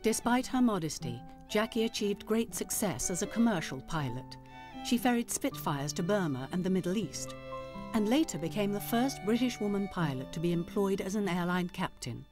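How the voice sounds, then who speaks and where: A woman narrating a documentary in a measured, scripted delivery. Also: medium pitch, animated, over music.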